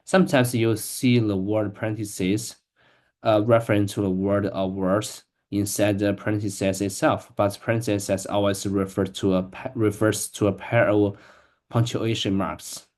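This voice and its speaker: Man, slightly low pitch, hesitant learner reading aloud with frequent restarts. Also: level tone, darkish tone. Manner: halting, hesitant, many restarts. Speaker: English learner. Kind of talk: reading practice with an AI assistant.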